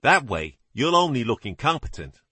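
A man's voice: mid-range voice, big pitch swings, normal speed, sharp tone, slightly rough, dry recording, voice pushed up, heavily acted. A man voicing a composed older actor posing as the great detective, speaking with a British accent in a dry, precise manner. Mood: cool, assured.

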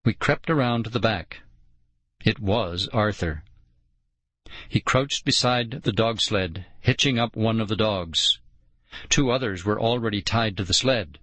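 Male audiobook narrator, unhurried and expressive, dry close-miked read. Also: fairly low pitch, no room sound. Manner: measured, expressive storytelling. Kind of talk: first-person audiobook narration.

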